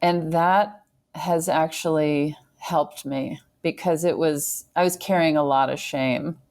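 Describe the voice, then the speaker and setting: A woman co-hosting a podcast, casual chat with a deadpan, understated delivery. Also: low voice, slow. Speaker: podcast co-host.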